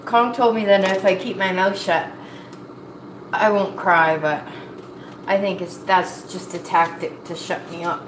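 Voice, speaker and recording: A woman talks in a drawn-out, leisurely way, folksy and poking fun at herself. Her voice bounces around a hard, roomy kitchen, and pots and dishes clatter clearly behind her. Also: on the low side, fairly even intonation. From Nova Scotia, Canada. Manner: rambling, folksy, self-mocking. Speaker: cooking vlogger. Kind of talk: casual chat while cooking. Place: home kitchen. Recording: echoey kitchen with cooking noise.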